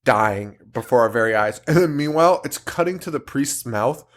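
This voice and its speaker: A man's voice: medium pitch, normal speed. Man, podcast co-host, casual movie chat, swears, laughs a lot, swooping intonation. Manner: animated, profane, laughs a lot.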